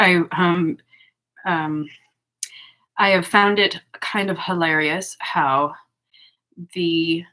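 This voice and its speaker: A woman's voice: lowish voice, very slow, pauses often. A woman hosting her own channel, talking frankly and profanely in a casual vlog monologue, with fillers and mocking asides. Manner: frank, profane, animated storytelling with mocking quoted voices; frequent fillers and laughs. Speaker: channel host.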